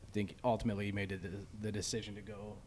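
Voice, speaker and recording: A man hosts a casual podcast chat, loose and full of "like" and "um". His voice sits a bit low, and a faint noise floor runs under the recording. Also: rapid-fire. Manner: relaxed, chatty, frequent fillers. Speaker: podcast host. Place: golf simulator venue.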